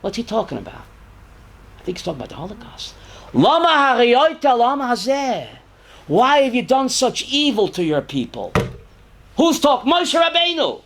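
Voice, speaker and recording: Animated high-voiced man teaching scripture. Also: brisk, creaky, slight background noise. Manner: animated, reads Hebrew verses aloud and translates, questions the audience. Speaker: rabbi. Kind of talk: Torah class lecture.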